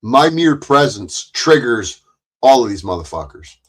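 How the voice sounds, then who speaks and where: A man's voice: medium pitch, big pitch swings, measured pace. Man ranting, profane and heated. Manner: profane, rambling, heated and repetitive. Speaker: live streamer reacting to clips. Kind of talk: ranting live-stream commentary.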